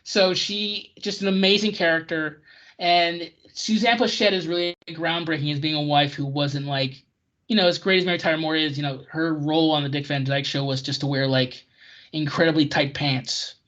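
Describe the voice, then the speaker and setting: A podcast co-host in casual chat about old television, ranting in an excitable way. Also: medium pitch, moderate pace. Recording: dull lo-fi recording.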